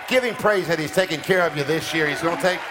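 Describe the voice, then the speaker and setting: A man preaching a sermon, leading the congregation in call-and-response declarations and rising into shouts. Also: fairly high pitch, fast, very noisy. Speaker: pastor. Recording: music playing behind.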